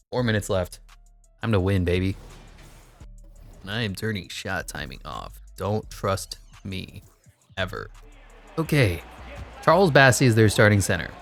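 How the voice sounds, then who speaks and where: A man giving sarcastic, exasperated commentary over his own basketball video game play, jumping up high when he gets annoyed. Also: sing-song, a little slow, creaky, long pauses, a bit bright, soft background music. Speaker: gaming commentator. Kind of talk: live gameplay commentary.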